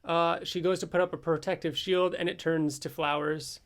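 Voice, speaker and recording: A man with a fairly high voice talks through a comic issue page by page. He fills his pauses with ums and uhs and keeps it loose and chatty. He sounds like a regular co-host on a fan podcast. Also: level tone, creaky, fairly bright tone. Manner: summarizes plot with many ums and uhs. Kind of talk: casual comic recap chat.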